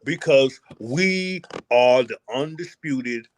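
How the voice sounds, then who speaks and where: A man from the United States, a podcast guest and travel vlogger, talking in a casual interview with boastful, animated, slangy storytelling. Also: medium pitch, takes it slowly, slight background noise.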